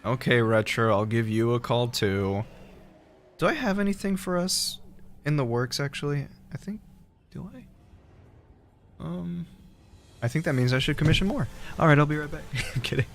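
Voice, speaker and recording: A man's voice: medium pitch, normal speed. Giggly, joking male streamer. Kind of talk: casual chat. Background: faint background music.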